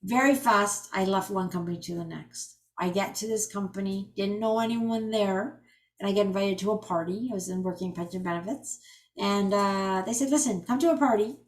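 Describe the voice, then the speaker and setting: Woman, forties, healing coach on a group call; chatty, animated storyteller who restarts sentences often. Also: mid-range voice, normal speed. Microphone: video call.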